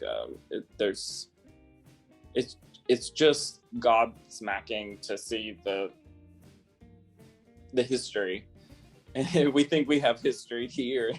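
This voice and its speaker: A man from South Carolina, a guest in a casual interview, talking chattily with lots of fillers and laughs. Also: medium pitch. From South Carolina, USA.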